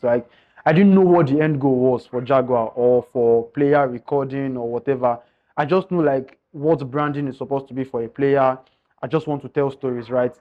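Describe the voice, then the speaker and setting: A man telling his own story in a candid, earnest way, often calling his listeners guys. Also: mid-range voice. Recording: slightly dull lo-fi sound.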